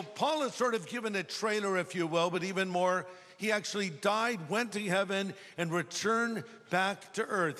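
A man's voice: high-pitched, a bit bright. A man preaching a sermon, telling stories with humor and animation. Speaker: pastor. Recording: long hall reverb.

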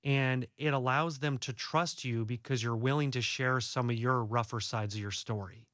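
A man's voice: medium pitch, fairly even intonation, moderate pace, fairly bright tone, no room sound, studio quality. A young adult man, an author and guest, talking earnestly and reassuringly in a casual faith-based interview, often restarting his words.

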